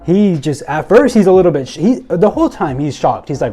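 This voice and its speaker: A young man excitedly recapping and commenting on a wrestling show, acting out quoted lines and using many fillers. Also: fairly high pitch, brisk, few pauses, soft background music.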